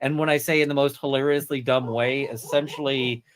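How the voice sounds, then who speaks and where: A man's voice: medium pitch, fairly even intonation, brisk, crowd noise. A man chatting on a stream, hesitant and full of fillers. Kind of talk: casual stream chat.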